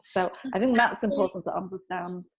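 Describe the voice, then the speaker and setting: A woman guest on a podcast, calmly explaining a self-help technique and telling anecdotes in an instructive way. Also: medium pitch, brisk, slightly rough. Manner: calm, instructive, tells anecdotes. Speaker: EFT tapping practitioner, guest. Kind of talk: explaining in an interview.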